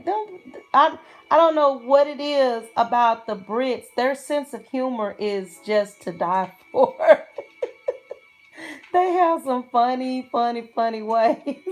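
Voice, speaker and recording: Middle-aged woman, livestream host, high voice, slow unhurried pace, giggles constantly. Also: darkish tone. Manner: giggly, laughs often between phrases. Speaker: channel host. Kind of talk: casual livestream chat.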